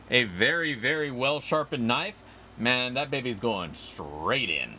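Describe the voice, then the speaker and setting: A man's voice: medium pitch, expressive, a little slow, bright, forceful tone, slight background noise. A man hosting a casual livestream outdoors, rambling and chatty as he answers viewer comments. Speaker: livestream host.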